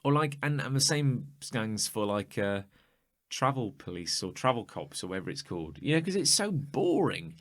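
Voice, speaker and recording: A man from New Zealand, co-hosting a casual podcast chat, animatedly retelling scenes and dropping his voice low to mimic officials. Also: very animated, moderate pace. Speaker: podcast co-host.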